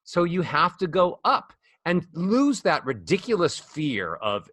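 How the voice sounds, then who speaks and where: A man teaching as a voice coach guest on a podcast, animated and demonstrating rising and falling speech melodies. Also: on the high side, a little slow. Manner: demonstrates speech melodies with sung-up acted examples. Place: studio.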